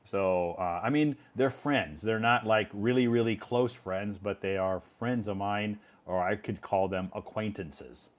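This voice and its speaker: Chatty American man, low voice. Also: measured pace, hardly any pauses. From United States. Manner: chatty, rambling with many fillers. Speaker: live stream host. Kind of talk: casual live stream chat. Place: home in Beijing.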